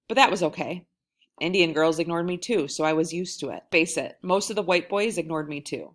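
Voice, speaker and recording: A woman reading a novel aloud in a wry first-person storytelling manner, lively when voicing the quoted lines. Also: fairly low pitch, fairly quick. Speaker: audiobook reader.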